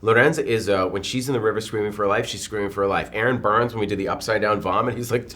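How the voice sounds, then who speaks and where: A man in his forties, a film director, telling stories in a press interview and acting out the quotes. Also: lowish voice. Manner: animated, quick storytelling with acted-out quotes.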